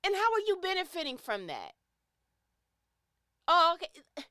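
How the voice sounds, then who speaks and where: Fired-up high-voiced woman preaching change. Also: wildly swooping pitch, unhurried, bright, forceful tone, no room sound, clean studio sound. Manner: repeats phrases for emphasis. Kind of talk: impassioned motivational monologue.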